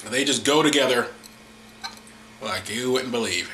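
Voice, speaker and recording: A man's voice: mid-range voice, a little slow, sharp tone, echoey room, a little hiss or hum. A man hosting a casual, irreverent talk, rambling, laughing and mocking as he goes. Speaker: host.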